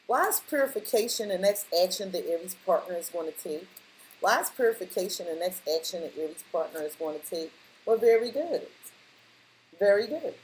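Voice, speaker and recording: This tarot reader talks to the viewer in a medium-pitched voice, delivering blunt, slang-filled readings and repeating lines to stress them. The rough recording carries slight background noise.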